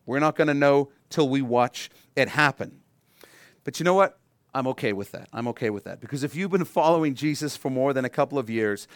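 Male pastor mid-sermon, slightly high voice, lively and theatrical, close dry mic. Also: dry recording. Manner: animated, acts out quoted voices. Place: church sanctuary.

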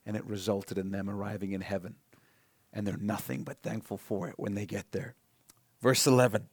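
Animated preacher man, dry close sound. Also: a little high, no echo. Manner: animated, swings from loud emphasis to hushed pleading. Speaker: pastor. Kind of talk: sermon.

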